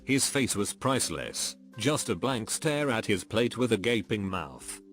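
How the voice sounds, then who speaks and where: A man's voice: fairly low pitch, very animated, unhurried, a bit bright. A man narrating a series of short anecdotes in a scripted, story-reading manner. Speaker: narrator reading Reddit posts. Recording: faint background music.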